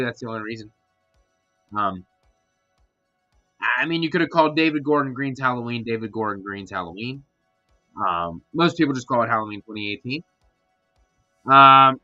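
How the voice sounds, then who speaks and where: A man hosting a horror podcast in casual live-stream chat, rambling and excitedly answering messages from viewers. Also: mid-range voice, no room sound, lo-fi sound.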